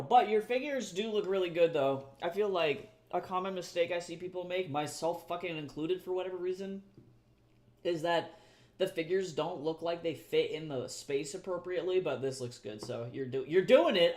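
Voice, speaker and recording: A young man chatting casually to viewers on a live art stream, loose and self-deprecating, swearing freely and laughing easily. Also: sits high. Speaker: artist live-streaming, reading chat.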